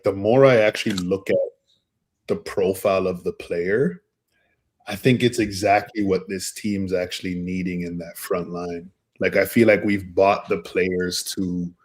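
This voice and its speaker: A man from Canada on a football chat panel, giving long, frank, opinionated takes. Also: fairly low pitch. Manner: opinionated, frank, reasoning at length. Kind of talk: casual football chat show.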